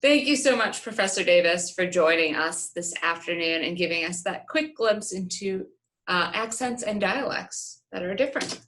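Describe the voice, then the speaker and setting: A woman's voice: on the low side, lively intonation, moderate pace, fairly bright tone. Woman host politely thanking a guest.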